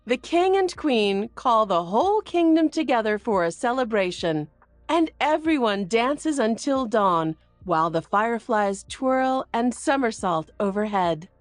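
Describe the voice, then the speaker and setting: A woman reading a children's picture book aloud in an expressive way. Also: dry recording, soft background music. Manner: expressive and slow, very lively pitch. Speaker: read-aloud narrator.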